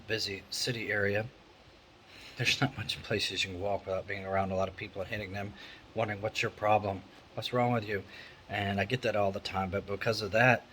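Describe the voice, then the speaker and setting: A middle-aged man talks to his camera in a loose, rambling way, candid and conversational. His voice sits fairly low. A faint steady hum from a fan in the room runs behind him. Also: rough recording. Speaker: vlogger. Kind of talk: casual vlog monologue. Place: indoor room with an electric fan.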